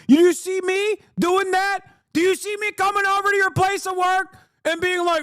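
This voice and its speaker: A man's voice: very high-pitched, steady tone, normal speed, a bit bright, dry recording, clean studio sound. Profane ranting streamer man. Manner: heated, profane, sarcastic ranting. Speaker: streamer and political commentator. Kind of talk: live-stream rant commentary.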